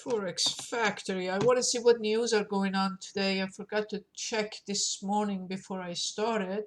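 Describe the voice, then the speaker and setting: A woman streaming her forex trades, thinking aloud as she clicks through charts, with many pauses and fillers. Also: mid-range voice, fairly even intonation, a little hiss or hum. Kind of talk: live screen-share trading commentary.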